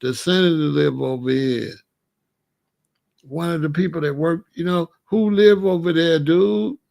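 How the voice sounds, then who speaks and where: A man's voice: on the high side, a little slow, vocal fry. A man giving casual, slangy commentary, often acting out the people he talks about. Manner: animated, slangy, acts out quoted voices.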